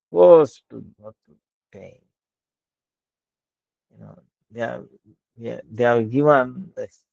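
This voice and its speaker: Slow, gravelly male preacher. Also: medium pitch, no room sound. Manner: folksy, chuckling storyteller. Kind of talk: devotional storytelling sermon. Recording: dull lo-fi dry recording.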